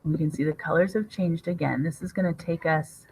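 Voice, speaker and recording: A woman's voice: deep voice, a little fast, poor audio. A woman teacher reading a graphic novel aloud to her class and explaining it as she guides the students through questions.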